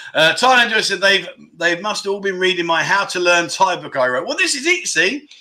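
A man's voice: high-pitched, sing-song, normal speed, bright, forceful tone. A man hosting a casual livestream chat, talking loosely and cutting himself off as he laughs at his own slips. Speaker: livestream host.

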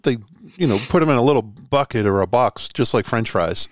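A man's voice: mid-range voice, brisk, dry recording. A man from the Boston area hosting a podcast, chatting casually and telling stories with jokes. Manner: jokey, animated storytelling. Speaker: podcast host. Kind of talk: casual chat.

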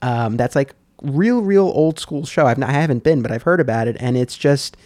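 Podcast host, casual, thinks aloud. Lively pitch, dry close mic. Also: normal speed, dry recording.

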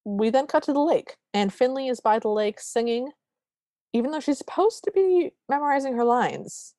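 A woman's voice: high-pitched, moderate pace, warm tone, no room sound, studio quality. A woman co-hosting a podcast, casually recapping a movie scene by scene and acting out the characters' lines. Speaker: podcast co-host.

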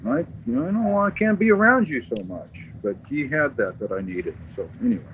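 Brief: male podcast guest, animated storyteller, profane, stumbling repeats. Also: fairly high pitch, a little fast, dull audio, a little hiss or hum. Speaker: podcast guest, dog sport trainer. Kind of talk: casual storytelling.

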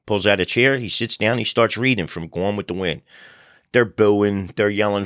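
A man hosting a podcast, telling funny stories in a relaxed, animated way. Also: fairly low pitch, normal speed, no room sound, studio quality. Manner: animated storyteller, acts out crowd voices. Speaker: podcast host. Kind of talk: casual storytelling chat.

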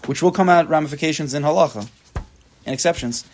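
A man teaching a Talmud class, thinking aloud with quick restarts and reading text out loud. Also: fairly high pitch, a little hiss or hum. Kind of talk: casual shiur teaching.

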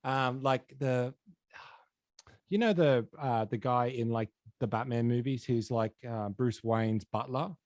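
A man's voice: medium pitch, measured pace, darkish tone, dry recording. Young man, Australian accent, podcast host, rambling, swears, dry close sound. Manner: loose, swearing, rambling with fillers. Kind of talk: casual podcast chat.

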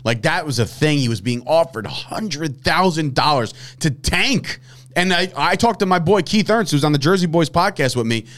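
A man's voice: on the high side, normal speed. Casual swearing man on a sports podcast. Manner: animated, swears, repeats words when restarting. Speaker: podcast co-host.

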